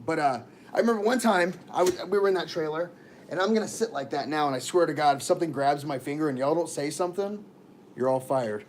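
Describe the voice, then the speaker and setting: A man tells rambling stories on his livestream, talking straight to his viewers. His voice sits a little high for a man, and he keeps breaking off mid-thought to start over. A faint hiss runs under the recording. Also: fast talker. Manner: rambling, chatty, self-interrupting, talks to viewers. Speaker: live streamer. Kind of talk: casual livestream storytelling.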